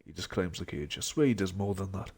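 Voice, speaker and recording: A man's voice: low voice, animated, fast talker. A young man who is unwell, rambling to himself in casual gaming stream commentary. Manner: rambling, mumbling asides to himself. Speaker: game streamer.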